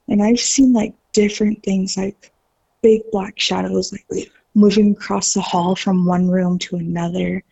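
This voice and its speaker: A woman telling a ghost story on a podcast, chatty and animated, leaning on "like" as she goes. Her voice is gravelly and husky with a dark, mellow tone. The recording sounds dull and lo-fi. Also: medium pitch, moderate pace. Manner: animated storyteller with many "like" fillers, mimics voices. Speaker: podcast guest.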